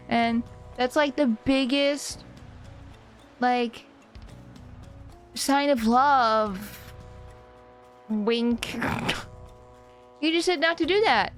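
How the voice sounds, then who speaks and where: Young woman streamer chatting over her game, slow and bouncy, bit of music behind. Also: high-pitched. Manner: playful, giggly, chatty. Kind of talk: casual gameplay commentary.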